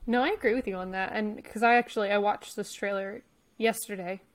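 A young woman co-hosting a casual trailer reaction chat, relaxed and agreeable, trailing off in fillers. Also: medium pitch, fairly quick. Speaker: co-host.

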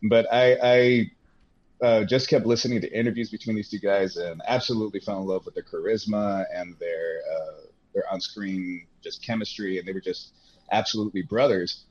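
A man's voice: on the low side, fairly even intonation, moderate pace, muffled recording, slight background noise. A man guest on a casual podcast, telling his story with enthusiasm, fillers and dry sarcasm. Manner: rambling, enthusiastic, with fillers and self-mocking sarcasm.

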